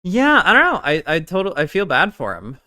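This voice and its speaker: A man's voice: sits high, huge pitch swings, a little fast, sharp tone. A man reacting on a live stream, blunt and profane, rambling and often restarting his sentences.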